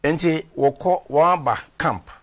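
Speaking slowly in a slightly high voice, a man who is both a reverend and former footballer rambles through stories as an interview guest. He stops now and then to hunt for names in this conversational exchange.

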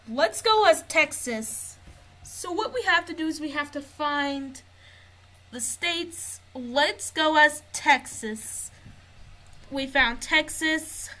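A woman's voice: sits high, pushed and bright, low-quality recording. A woman giving casual gameplay commentary, narrating what she finds as she explores. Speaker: gamer.

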